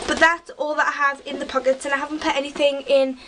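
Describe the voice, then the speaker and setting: A high, youthful voice from a teenage girl, chatting casually to camera. She rambles, piling up fillers and half-finished thoughts. A faint hiss sits under the home recording. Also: fairly even intonation, fast, few pauses, a bit bright, far from the mic, poor audio. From England. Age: teens. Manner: chatty and rambling, full of "like" and "sort of". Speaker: vlogger. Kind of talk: casual chat.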